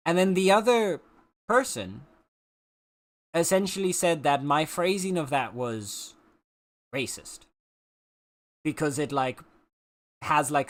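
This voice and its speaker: A man with a South African accent chatting casually as a streamer while he plays, rambling through his points with lots of filler words and restarts. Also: a little high. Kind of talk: casual opinion chat while gaming.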